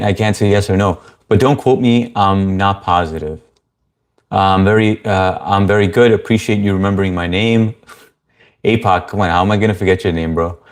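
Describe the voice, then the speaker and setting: Low-voiced man hosting a livestream. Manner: easygoing, greets viewers by name, frequent fillers. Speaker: livestream host. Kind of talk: casual livestream chat, reading viewer comments aloud.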